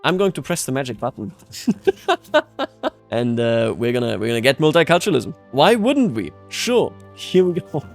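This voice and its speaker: A man's voice: mid-range voice, very animated, fairly quick, vocal fry, few pauses, faint music behind. A man from Bavaria giving playful, sarcastic commentary over his strategy game, chuckling often. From Bavaria, Germany. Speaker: strategy game video creator. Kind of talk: gameplay commentary.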